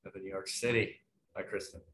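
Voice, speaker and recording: A man's voice: deep voice, little pitch movement, fast, a bit bright, slight background noise. A man moderating an online panel, chatty and friendly, rambling with lots of fillers over a video call. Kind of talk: casual webinar hosting.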